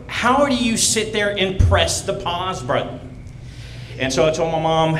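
A man's voice: high-pitched, expressive, fairly bright tone, roomy sound, a little hiss or hum, low-quality recording. A man doing a brash stand-up set on a comedy club stage, telling stories and acting out other people. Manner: brash, storytelling, quick to act out other people.

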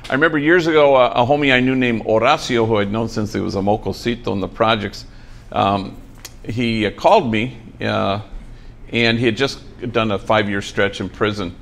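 A man's voice: on the low side, steady tone, moderate pace, gravelly, fairly bright tone. A man, a priest, giving an inspirational talk to program trainees, telling a story with folksy dry humor and bits of Spanish slang. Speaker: priest leading a program for former gang members. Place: the program's own building, addressing trainees.

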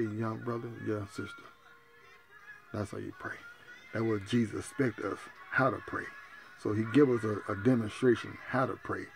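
A male preacher, praying fervently and calling out to his sisters and brothers in a sermon. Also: fairly low pitch. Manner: fervent preaching, repetitive cries to Jesus; addresses listeners as sisters and brothers. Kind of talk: sermon and spoken prayer.

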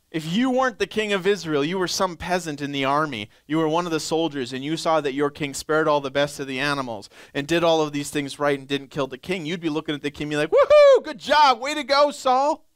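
A young male pastor preaching a sermon, reading scripture slowly and acting out pleading churchgoers in a higher voice. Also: dry recording. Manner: reads scripture slowly, then acts out pleading churchgoers in a high voice.

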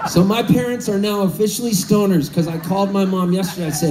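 A high, mellow-toned man in his fifties spins comic stories from a concert stage and belts out his punchlines. His voice comes through a stage mic and is picked up from a distance, with faint music underneath. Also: quick pace, hardly any pauses. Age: 50s. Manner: animated comic storyteller, shouting punchlines. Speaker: singer-songwriter on stage. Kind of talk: storytelling stage banter between songs. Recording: live concert audio from a distance.

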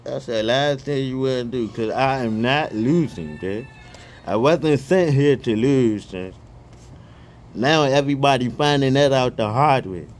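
A man praying fervently and reading scripture aloud outdoors, excitable and stumbling over repeated words, speaking each punctuation mark aloud. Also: mid-range voice, measured pace, a little hiss or hum. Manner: reads punctuation marks aloud. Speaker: online Bible reader.

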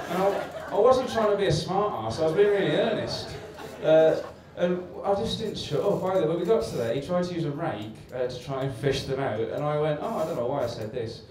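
Self-mocking comedian in an echoey club. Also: male voice, fairly high pitch, normal speed. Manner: self-deprecating, rambling storytelling. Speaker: stand-up comedian. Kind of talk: stand-up routine. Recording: echoey live club recording from far off with hiss.

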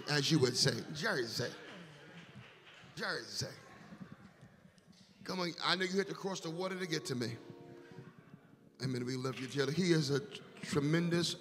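A man emceeing a church concert, calling out to the congregation and building it into shouts and call-and-response. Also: mid-range voice, a little hiss or hum. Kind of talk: hyping up a church concert crowd. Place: large church sanctuary. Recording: long reverb in a large hall.

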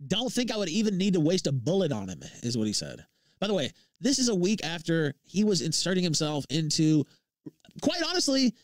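A man hosting a livestream, reading out tweets and breaking into a loud, profane rant. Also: on the high side, no echo, studio quality. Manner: profane, heated, laughs between lines. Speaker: livestream host.

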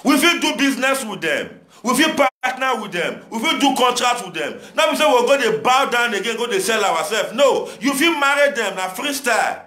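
Young Nigerian man, Pidgin accent, bright tone, exhortative monologue. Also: very high-pitched, very animated, normal speed, hardly any pauses, roomy sound. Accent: Nigerian Pidgin English. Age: young adult. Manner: preachy, exhorting, repetitive rhetoric. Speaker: commentator addressing viewers. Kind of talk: impassioned monologue.

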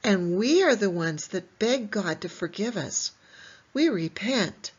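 Slow, breathy woman telling children a Bible story. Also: medium pitch, lo-fi sound. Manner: animated, asks young listeners questions and answers them.

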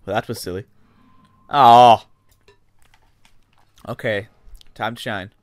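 A man's voice: fairly low pitch, steady tone, slow, no room sound. A young British man giving let's-play commentary, chatty and talking back to the game characters. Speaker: gamer.

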